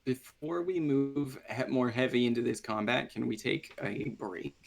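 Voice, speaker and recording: A woman playing a tabletop game, chatting excitably and laughing often. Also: a bass voice, normal speed, gravelly. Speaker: player. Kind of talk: casual game chat.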